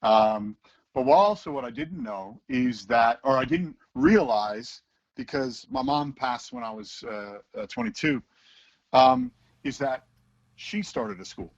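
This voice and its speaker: A man's voice: mid-range voice, unhurried, vocal fry, muffled recording. A man, a teacher talking casually in an interview and acting out voices as he tells stories. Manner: animated storyteller who acts out voices.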